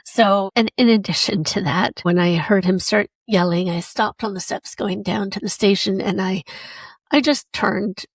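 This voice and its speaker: A woman's voice: mid-range voice, steady tone, a little slow, no room sound. A woman hosting a solo podcast, telling a personal story in a chatty, emotional way. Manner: chatty and emotional, acts out quoted voices. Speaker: podcast host.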